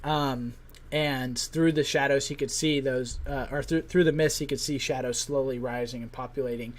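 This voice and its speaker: A man runs a tabletop game as game master. He narrates loosely, full of ums and likes. His voice sits at an ordinary middle pitch. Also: fairly even intonation, moderate pace. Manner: casual, many fillers and likes.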